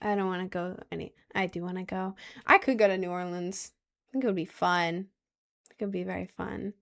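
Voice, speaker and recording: A woman's voice: fairly low pitch, steady tone, a little fast, gravelly. A young woman hosting a casual livestream, answering her chat in a rambling, giggly way and often repeating herself. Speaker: livestream host reading chat.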